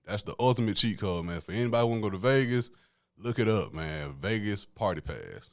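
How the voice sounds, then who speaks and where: Animated young man spinning a story. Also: lowish voice, brisk, dry recording, studio quality. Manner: animated, laughing storyteller, slangy. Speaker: podcast host. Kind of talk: casual solo storytelling.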